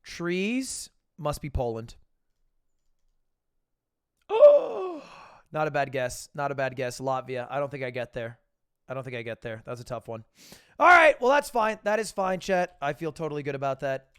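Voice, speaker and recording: A man's voice: medium pitch, moderate pace, smooth, no room sound, clean studio sound. A young man streaming live, chatting casually and thinking aloud, with joking, mock-grand asides.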